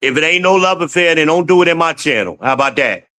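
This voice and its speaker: On a low-quality recording, a livestream host reads his chat out loud, cussing freely, laughing a lot and addressing viewers as "y'all." He speaks fairly quickly in a slightly high, animated voice with a bright, forceful tone.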